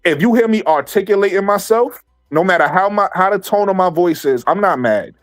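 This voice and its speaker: A man hosting a casual livestream, his voice sitting a little high for a man. He talks animatedly, doubles back on his words and swears freely. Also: expressive, brisk, soft background music. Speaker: livestream host.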